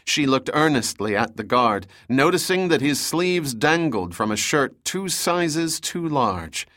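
A man's voice: medium pitch, a bit bright, no room sound. Man narrating a thriller, dry and close. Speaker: audiobook narrator.

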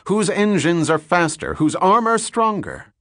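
A man's voice: high voice, expressive, measured pace, fairly bright tone, no room sound, studio quality, voice pushed up. A man voicing a grandiose, intense male naval captain, speaking with emphatic, building declamation in an audiobook reading. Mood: fervent.

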